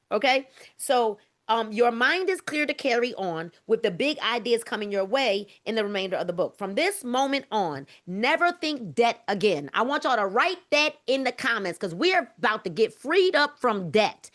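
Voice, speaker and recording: A woman's voice: on the high side, big pitch swings, normal speed, few pauses, fairly bright tone. A woman leading a motivational group video call, emphatic and preachy, repeating her phrases and calling the group y'all.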